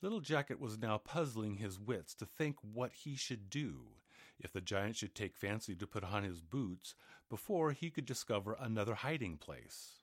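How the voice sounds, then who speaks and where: A man reads a fairy tale aloud in an expressive storybook manner. His voice sits low, yet it rises and falls widely through each sentence, and the recording is close and dry. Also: moderate pace, no room sound. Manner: expressive, animated. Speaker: narrator. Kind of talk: storybook reading.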